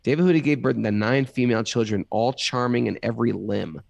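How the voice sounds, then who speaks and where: A man with a gravelly, creaky voice reads scripture aloud in a casual podcast. He pauses to ask questions about what he reads. The sound is dry and close, with no room echo. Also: mid-range voice. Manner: breaks off reading to ask puzzled questions. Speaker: reader and co-host.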